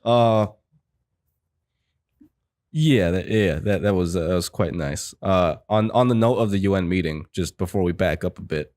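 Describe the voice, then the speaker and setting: A man's voice: low-pitched, normal speed, darkish tone. A man hosting a casual film podcast, talking in a rambling way with lots of fillers and restarts. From United States. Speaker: podcast host.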